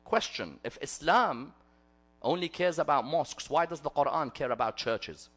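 A man giving a religious sermon in a gathering hall, telling stories dramatically and swinging between loud declarations and hushed asides. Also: fairly high pitch, expressive, moderate pace, slightly rough. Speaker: preacher.

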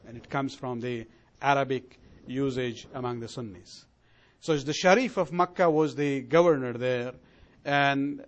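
Man giving a measured history lecture. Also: on the high side. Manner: measured, with frequent fillers and self-corrections. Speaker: religious lecturer.

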